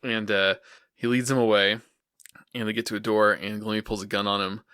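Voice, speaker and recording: A man's voice: lowish voice, level tone, fairly quick, bright, forceful tone, clear, resonant tone, no room sound, studio quality. A man co-hosting a casual anime podcast, laid-back and chuckling as he retells the plot. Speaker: podcast co-host. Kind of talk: casual anime recap chat.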